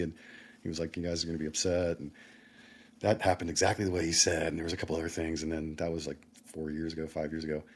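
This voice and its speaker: Fast-talking husky man telling a story. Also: low voice. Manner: rambling, excitable, laughs between phrases. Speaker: vlogger. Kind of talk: personal storytelling monologue.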